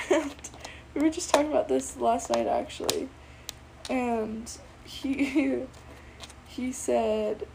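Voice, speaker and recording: Bubbly teen girl with a gravelly edge. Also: mid-range voice, flat delivery, moderate pace, warm tone, a little hiss or hum, low-quality recording. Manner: chatty, bubbly, full of fillers and quoted dialogue. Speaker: student telling a personal story. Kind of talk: casual storytelling to camera.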